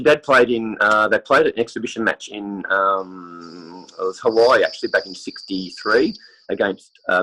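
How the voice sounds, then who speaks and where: An Australian man with a cold chats quickly as a podcast guest, piling story on story with plenty of fillers. His voice sits a little low and he rarely pauses. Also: a bit bright, rough recording. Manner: rambling, chatty storytelling with many fillers. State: has a cold, clears throat. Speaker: interview guest, football superfan. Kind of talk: casual chat.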